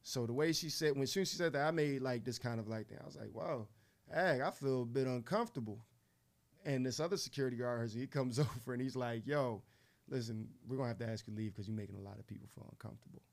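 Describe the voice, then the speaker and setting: Male radio co-host, casual storyteller, lively delivery, mid-range voice. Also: medium pitch, quick pace. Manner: animated, laughing storyteller, acts out voices. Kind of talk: casual storytelling on a morning show.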